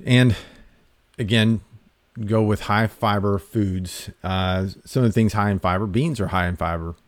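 A man hosting a talk, giving health advice in a relaxed, conversational way with fillers and restarts. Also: fairly low pitch, unhurried, dry recording. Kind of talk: casual explanatory talk.

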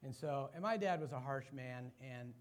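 A man's voice: mid-range voice, normal speed. A middle-aged man giving a sermon-style talk, telling personal stories and acting out what others said. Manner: animated storyteller acting out quoted voices. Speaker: business owner giving a talk.

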